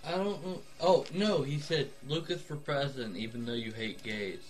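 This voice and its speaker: A man's voice: medium pitch, moderate pace, soft background music. Joking, self-deprecating podcast co-host man. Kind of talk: casual chat.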